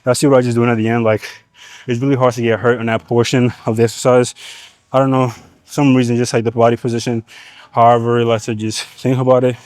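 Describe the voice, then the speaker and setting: Young man, fitness vlogger, slangy gym talk, out of breath, mid pitch, dry recording. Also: fairly quick, clear, resonant tone, dry recording. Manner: relaxed slangy explaining between sets. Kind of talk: casual gym coaching vlog.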